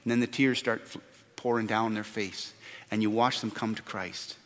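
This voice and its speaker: A man's voice: fairly low pitch, level tone, normal speed, fairly bright tone. A man preaching a sermon as pastor, earnest and repeating words for stress. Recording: long hall reverb.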